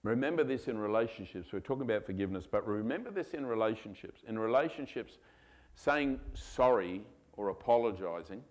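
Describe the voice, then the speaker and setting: A male pastor preaching a sermon to his congregation, animated and given to acting out voices. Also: on the low side, a little fast. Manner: animated, acts out voices of God and children. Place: church hall.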